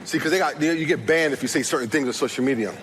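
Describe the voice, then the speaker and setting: High-voiced, animated male pastor. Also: slight background noise, low-quality recording. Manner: animated, many quick restarts and repeated words; acts out voices in his stories, rising to emphatic peaks. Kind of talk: storytelling sermon.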